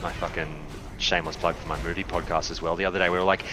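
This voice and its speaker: A man with an Australian accent, chatting casually over voice chat while gaming and telling animated stories with plenty of swearing. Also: sits low, fast talker, over music. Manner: animated storyteller, swears freely. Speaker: podcaster and gamer.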